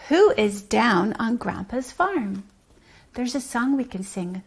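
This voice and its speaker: A woman leads a preschool sing-along lesson, her high voice carrying a gravelly edge. She talks slowly and gently, singing simple songs and making animal sounds for the children. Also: big pitch swings. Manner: patient, gently encouraging teacher talk. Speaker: preschool teacher.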